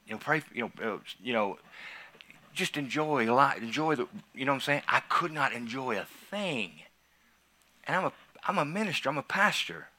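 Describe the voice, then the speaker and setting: A male pastor preaches a personal story with a very bright, ringing tone. He tells it with animated energy, dropping to quiet asides and then rising to loud, excited emphasis. His voice sits in a middle pitch for a man. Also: moderate pace. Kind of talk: sermon testimony.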